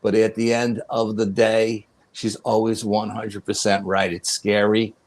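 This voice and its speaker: A man as a podcast guest, telling a personal story in a casual, animated way. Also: lowish voice, unhurried. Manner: animated, profanity, laughs while telling.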